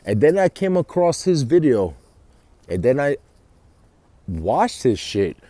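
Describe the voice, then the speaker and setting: Swearing man with a lively pitch. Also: slow, no room sound. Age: adult with children. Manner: rambling, heavy swearing, frequent restarts. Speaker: vlogger. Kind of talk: casual monologue.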